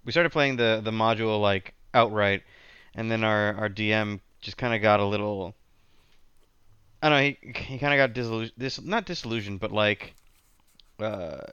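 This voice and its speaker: A man's voice: fairly low pitch, moderate pace, a bit bright, clean tone, dry recording, muffled recording. A man chatting casually as a guest about his tabletop character, rambling with many restarts and fillers. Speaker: podcast guest, tabletop player. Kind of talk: casual chat.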